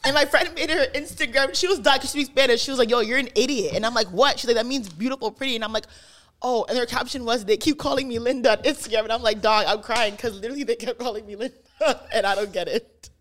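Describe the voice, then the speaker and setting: A woman hosts a casual podcast chat at a quick clip. She tells her stories with animated energy and swears freely as she goes. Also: fairly high pitch. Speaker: podcast host.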